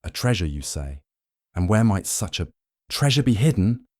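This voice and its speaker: A man voicing a fastidious older detective, speaking in a precise, probing way. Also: lowish voice, big pitch swings, dry recording, clean studio sound.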